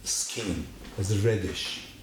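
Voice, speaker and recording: A man giving his personal testimony at a church, telling his story in an animated way and acting out the dialogue. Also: low-pitched, drawn-out words, background noise. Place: church hall. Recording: echoey room.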